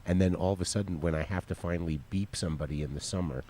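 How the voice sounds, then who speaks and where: A man's voice: low voice, very fast, mellow. A man on a podcast chatting casually, dropping dry wisecracks. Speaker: podcast guest. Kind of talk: casual chat.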